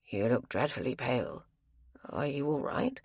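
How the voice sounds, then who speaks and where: A woman's voice: very deep voice, lively intonation, moderate pace, gravelly, darkish tone, husky, no echo, studio quality, voice pushed down, heavily acted. A woman voicing an earnest, emphatic middle-aged male country doctor.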